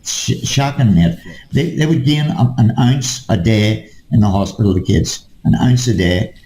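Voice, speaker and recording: A man ranting in casual conversation, swearing freely and tagging "mate" onto his points. His voice is dark and mellow, and his words bounce around a roomy, echoey space. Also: lowish voice, a little slow, a little hiss or hum. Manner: ranting, profane, keeps addressing the listener as mate. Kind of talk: casual chat.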